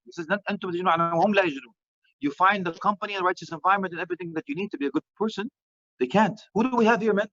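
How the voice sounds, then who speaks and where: A middle-aged man giving a lively sermon, joking and dropping in phrases. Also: sits high, dry recording, highs cut off. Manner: animated, joking, mixes Arabic phrases. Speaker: Islamic preacher.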